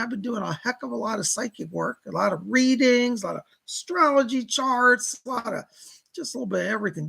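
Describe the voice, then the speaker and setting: A man's voice: high-pitched, gravelly, fairly bright tone, husky, poor audio. A middle-aged man hosting a live psychic stream, who talks in a gushing, chatty way full of exclamations. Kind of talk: casual live-stream chat.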